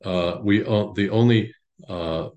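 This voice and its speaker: A man, a priest of an Orthodox parish, teaching his congregation in an informal, halting way with frequent restarts. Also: on the low side, darkish tone. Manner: halting, many restarts and fillers, conversational.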